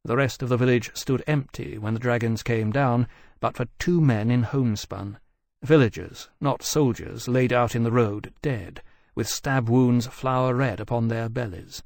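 Brief: male narrator, mid-pitched, steady measured read, very dry booth sound. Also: dry recording. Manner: measured, even storytelling. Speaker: audiobook narrator. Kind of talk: scripted narration.

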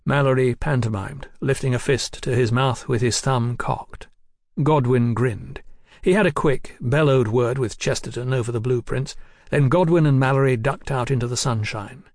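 A man narrating an audiobook in a measured, even manner. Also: medium pitch, no room sound, clean studio sound.

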